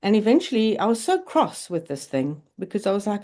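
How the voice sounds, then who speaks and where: A woman's voice: medium pitch, very animated, brisk, few pauses, dark tone. A woman in her forties, a podcast guest telling her personal story in conversation, candid and earnest. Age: 40s.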